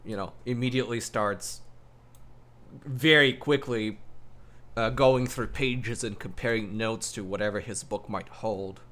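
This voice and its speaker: A man's voice: lowish voice, a little slow, a bit bright. A man narrating as game master of a tabletop game, improvising loosely with many ums and restarts. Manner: loose, filler-heavy with frequent ums.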